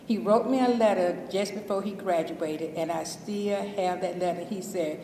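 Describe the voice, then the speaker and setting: Southern woman, low voice, distant echoey mic. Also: moderate pace, mellow. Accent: Southern US (Alabama). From Alabama. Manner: chatty heartfelt storyteller, informal speech. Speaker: school custodian. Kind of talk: interview testimony. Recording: echoey hall, distant mic, faint noise.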